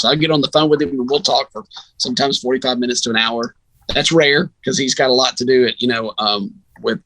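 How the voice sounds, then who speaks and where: A man, a sports radio announcer, telling a long story in an animated, chatty way as a podcast guest. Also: medium pitch, no room sound, rough recording. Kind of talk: casual storytelling.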